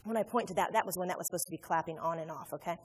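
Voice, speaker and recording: A woman preaching a sermon in a church, animated and conversational, joking with her congregation. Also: fairly low pitch, racing, slightly rough. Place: church sanctuary. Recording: long hall reverb.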